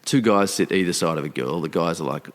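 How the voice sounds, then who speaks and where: A man with a very low voice tells a story in an easy, conversational way. He acts out the inner thoughts of the people in it, rising in pitch as the tension builds. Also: fast talker. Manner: animated, acts out quoted thoughts. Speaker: podcast guest. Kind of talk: casual spoken storytelling. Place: outdoor location.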